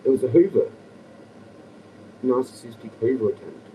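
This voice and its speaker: Dark-voiced Australian man ranting. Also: medium pitch, sing-song, normal speed, far from the mic, a little hiss or hum, rough recording. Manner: profane, agitated, rambling with bursts of laughter. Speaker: livestreamer. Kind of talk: rambling livestream rant.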